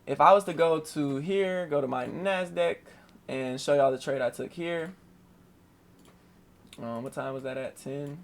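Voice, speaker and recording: Gravelly young man, slangy trade recap. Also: unhurried, pauses often. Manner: animated, slangy, swearing, keeps saying "boom" and "right". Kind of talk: casual screen-share trade recap.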